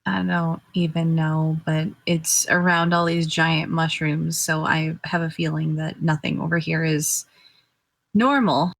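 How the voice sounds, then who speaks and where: A woman's voice: low voice, flat delivery, a little slow, gravelly, no room sound. A woman playing a tabletop game, speaking in a tentative, thoughtful way. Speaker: player.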